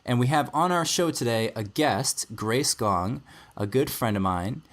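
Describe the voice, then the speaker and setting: A man's voice: mid-range voice, lively intonation, measured pace, fairly bright tone. A man hosting a casual podcast, friendly and introducing guests and co-hosts. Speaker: podcast host.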